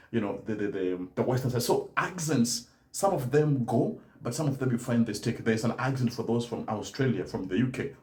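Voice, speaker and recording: A man's voice: mid-range voice, darkish tone, echoey room. A man teaching German learners in a live-stream talk, speaking emphatically and often adding "right?" to his points. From Kenya. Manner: emphatic, tags statements with "right?".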